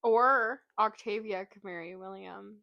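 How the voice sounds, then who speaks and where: A woman's voice: medium pitch, a little slow, vocal fry, dry recording, dull audio. A woman co-hosting a podcast, chatting casually about a novel, gushing and laughing often. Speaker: podcast co-host. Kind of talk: casual book discussion.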